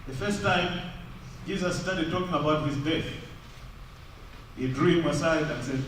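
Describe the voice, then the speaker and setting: A man preaching from a church pulpit, and his voice rings through a very echoey hall, picked up from a distance. He talks slowly and deliberately, with a fairly high voice for a man, swinging from loud raised lines to low quiet stretches. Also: slight background noise. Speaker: pastor. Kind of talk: sermon.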